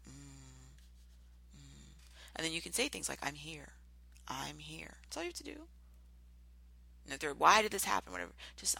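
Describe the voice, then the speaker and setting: Earnest gravelly man giving advice. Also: fairly high pitch, low-quality recording. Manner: earnest, pleading, demonstrates soft murmuring. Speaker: podcast host. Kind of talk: advice monologue.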